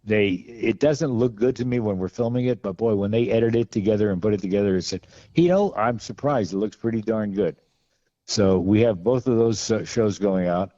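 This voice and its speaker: Male podcast guest, low warm voice, wry anecdotal rambler, lo-fi remote audio. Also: normal speed, no echo. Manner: rambling, wry, many restarts and fillers. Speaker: podcast guest, film costume and gun expert. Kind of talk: casual anecdotal storytelling.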